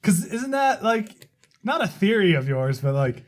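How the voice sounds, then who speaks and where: A man's voice: sits high, very animated, unhurried. A man co-hosting a casual podcast, joking, laughing often and cursing freely. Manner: joking, laughing, crude interjections. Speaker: co-host.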